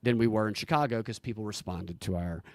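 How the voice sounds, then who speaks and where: A man's voice: lowish voice, fast, no room sound. Southern guy hosting a podcast, rambly storyteller, dry close sound. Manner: rambling storyteller, laughs easily. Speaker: podcast host. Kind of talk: casual podcast chat.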